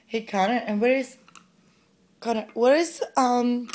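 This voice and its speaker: A woman's voice: fairly high pitch, measured pace, darkish tone, a little hiss or hum. A pregnant mother filming at home, coaxing her toddler with sing-song, encouraging questions.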